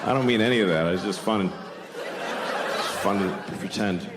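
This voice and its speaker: A man's voice: lowish voice, normal speed. A middle-aged man doing a stand-up comedy set with a blunt, crude, self-deprecating delivery. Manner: animated, acts out scenes with put-on voices. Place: large theater stage with live audience. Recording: echoey hall, audience noise.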